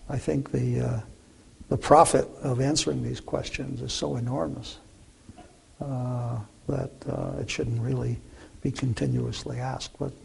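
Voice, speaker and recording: A man's voice: medium pitch, darkish tone, slight background noise. An older man, a physicist guest in an interview, recounting memories with many fillers and restarts. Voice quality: gravelly, raspy voice. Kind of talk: interview storytelling.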